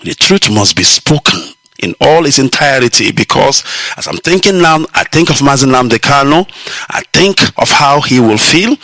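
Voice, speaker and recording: A Nigerian man hosts a radio show and preaches at his listeners with scornful, mocking energy. His voice swoops up and down a lot and sounds bright and forceful. The recording is dry and close, with no room sound. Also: on the high side, no echo. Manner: preachy, mocking, laughs at his own jokes, acts out quoted voices. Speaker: radio broadcaster. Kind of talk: impassioned radio monologue.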